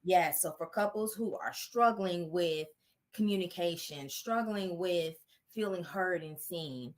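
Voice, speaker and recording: A woman's voice: on the low side, measured pace. A woman relationship therapist answering interview questions in an earnest, encouraging, direct way.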